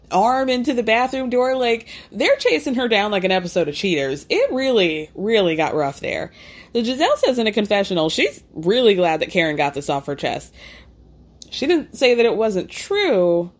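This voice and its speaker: Woman for a chatty recap, lively, voices each quote, salty language. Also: mid-range voice. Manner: animated, acts out quotes, swears freely. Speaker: reality TV recapper. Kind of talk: casual storytelling recap.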